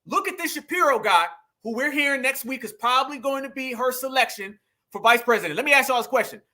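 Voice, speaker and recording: A man hosts a talk stream, reacting to clips and speaking straight to his audience. His voice sits very high and rings bright and forceful. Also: quick pace. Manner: animated, addresses viewers as family and y'all. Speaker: host of a political commentary channel. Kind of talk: casual commentary reacting to clips.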